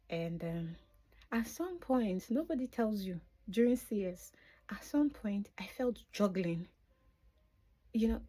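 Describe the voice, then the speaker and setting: A woman's voice: on the low side, warm tone, breathy edge. A middle-aged woman telling her own birth story off the cuff in a vlog, emotional, sometimes dropping to a whisper. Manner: emotional, drops to a whisper at tender moments. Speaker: vlogger. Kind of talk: unscripted personal storytelling.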